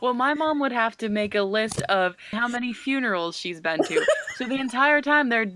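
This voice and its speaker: A woman co-hosting a podcast, reading book blurbs aloud with wry, deadpan asides. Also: fairly high pitch, normal speed, slight background noise. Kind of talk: casual chat.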